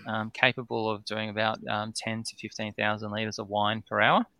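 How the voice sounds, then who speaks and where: A middle-aged Australian distillery founder, a guest on a podcast, spins a long, rambling story in a fairly quick, lowish voice. He's excitable, filling his talk with lots of "um" and "right?".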